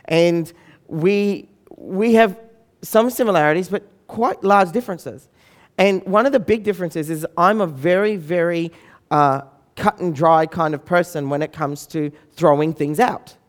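A man in his forties with a notably high voice tells a funny family story. He is animated and acts out the voices of the people in his tale. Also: measured pace. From Australia. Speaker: speaker. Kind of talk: humorous storytelling talk.

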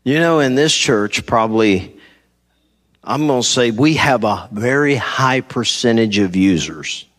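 A man pastor preaching a sermon, telling a personal story with animated delivery and acting out conversations. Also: mid-range voice, a little slow. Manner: animated, acts out conversations, laughs at himself. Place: church sanctuary.

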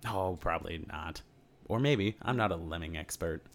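A man's voice: low voice, moderate pace. A man co-hosting a podcast, recapping a film in casual chat with dry, joking asides. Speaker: podcast co-host.

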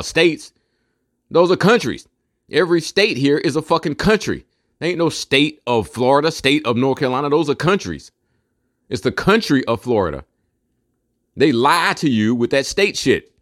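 A man's voice: medium pitch, no echo, studio quality. A man delivering a casual, profane monologue in a preachy, conspiratorial tone, with rhetorical questions and mocking asides.

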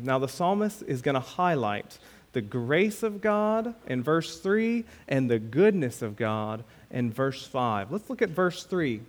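A man preaching a sermon as pastor, reading scripture aloud and repeating key words with emphatic swings between loud and quiet. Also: mid-range voice, lively intonation. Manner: slow, emphatic preaching with dramatic swings in loudness.

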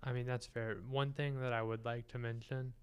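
A man's voice: mid-range voice, level tone, moderate pace, clear, resonant tone. A man co-hosting a film podcast, telling stories and joking in casual chat. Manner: storytelling, joking. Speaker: podcast co-host.

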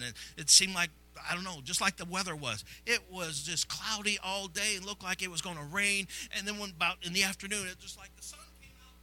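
A man from Illinois leads his church in a sermon. His voice sits fairly high and rings very bright and sharp. He preaches fervently, repeating phrases and dropping to near-whispers before rising into loud cries. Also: poor audio. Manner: fervent, repetitive preaching that swings from hushed to loud. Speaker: pastor. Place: church sanctuary.

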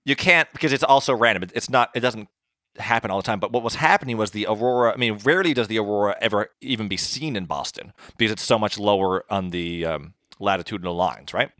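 A man with a fairly low voice hosts a relaxed trivia segment on a podcast. He explains each answer chattily and leans on fillers as he goes. The sound is close and dry. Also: fast, no echo. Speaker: podcast host running a trivia quiz. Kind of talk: casual chat.

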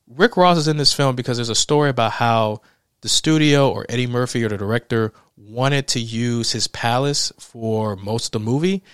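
A man tears into a movie in a loose, profane rant. He sounds exasperated and breaks into laughter often. His voice sits at a medium pitch and is recorded close and dry, with no room sound. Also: normal speed, a bit bright, clear, resonant tone, no room sound. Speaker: movie reviewer. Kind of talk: casual film review rant.

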